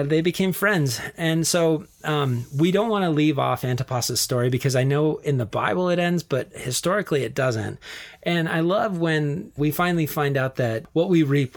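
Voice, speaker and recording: A man hosting a podcast, casually retelling Bible history, animated and quick to laugh as he tells the story. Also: mid-range voice. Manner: animated storyteller, laughs often, acts out quotes. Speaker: podcast host.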